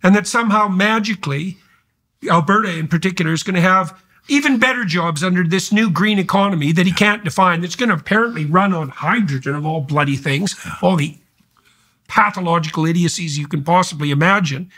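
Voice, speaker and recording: A man's voice: high-pitched, fairly quick, pushed and bright. A man hosting a podcast, talking in an emphatic, heated way in long run-on sentences. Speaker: podcast host. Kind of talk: casual conversational podcast talk.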